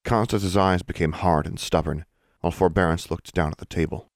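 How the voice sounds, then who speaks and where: A man narrating an audiobook in a steady, measured reading voice. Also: sits low, no echo, clean studio sound.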